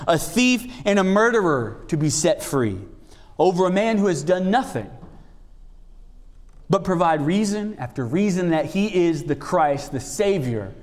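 A man preaching a sermon, reading scripture aloud and then commenting on it. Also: high voice. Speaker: pastor. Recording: long hall reverb.

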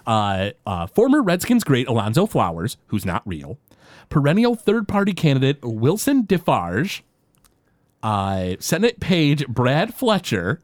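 A man's voice: medium pitch, huge pitch swings, a little slow, no room sound. A man co-hosting a podcast, rambling through an episode recap with lots of filler words. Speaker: podcast co-host. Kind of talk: casual recap chat.

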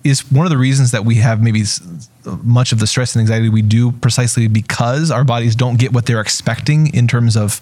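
Dude host, thinking out loud, lots of ums, dry close sound. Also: male voice, medium pitch, fairly even intonation, dry recording. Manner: halting, thoughtful questions with many fillers. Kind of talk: casual interview.

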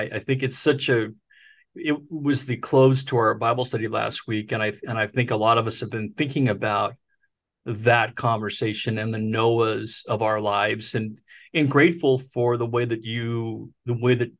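A male podcast host who asks reflective, encouraging questions to draw out his guest's story. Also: mid-range voice. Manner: reflective and encouraging, prompting stories. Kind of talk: interview questions.

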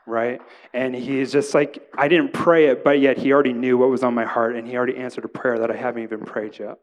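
A man's voice: mid-range voice, flat delivery, fast talker. A man in his thirties, a pastor preaching a sermon in a casual, conversational way, often checking in with the congregation. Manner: casual, conversational preaching with frequent "right?" asides.

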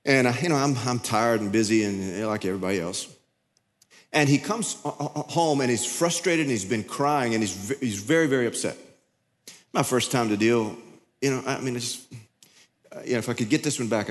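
A middle-aged man preaching a sermon in a conversational, confessional way, telling a story with many halting restarts. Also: medium pitch, expressive, big-room sound. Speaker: pastor.

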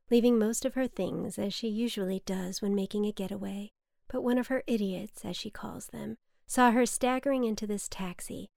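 A young woman narrating a personal essay in a wry, deadpan way. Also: mid-range voice, vocal fry, no echo, studio quality. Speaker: storyteller.

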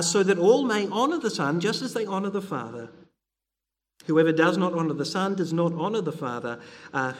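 A man's voice: sits high, long reverb tail. A middle-aged man preaching a sermon, earnest and conversational, with frequent fillers and restarts.

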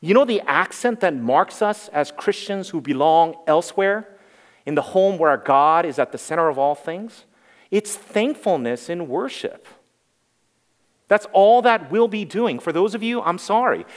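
A man's voice: high-pitched, lively intonation, a little slow. A man in his forties preaching a sermon as pastor, earnest and emphatic, repeating key phrases. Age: 40s. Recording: reverberant hall.

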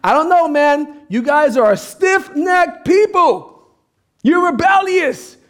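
A man voicing Moses as an exasperated, slangy leader who scolds his people loudly. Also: very high-pitched, animated, takes it slowly, pitched above the performer's own voice, exaggerated voice.

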